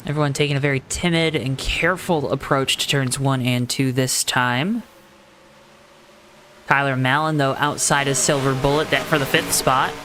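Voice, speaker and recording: A man calling a simulated stock car race in a calm, relaxed announcer voice, mixing play-by-play with easy chat. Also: medium pitch, normal speed, slight background noise. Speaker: sim racing commentator. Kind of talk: play-by-play commentary.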